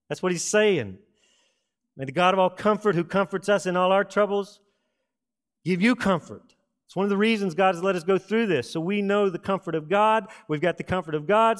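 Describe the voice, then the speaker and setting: Middle-aged pastor guy from texas preaching, folksy stories, slightly high voice, lots of pauses. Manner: storytelling with folksy asides and dramatic pauses. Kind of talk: sermon.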